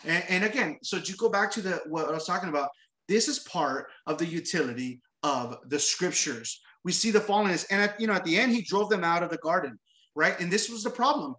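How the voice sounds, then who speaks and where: High-voiced, bright-toned male preacher. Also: lively intonation, fairly quick. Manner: conversational, repeats words, frequent tag questions. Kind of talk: sermon with scripture reading. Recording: roomy echo.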